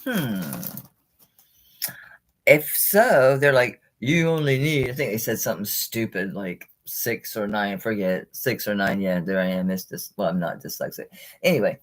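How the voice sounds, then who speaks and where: A woman running a live jewelry sale, chatting excitedly and talking to the pieces she pulls out. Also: rumbling low, unhurried. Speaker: online jewelry seller. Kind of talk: live-stream sales chat.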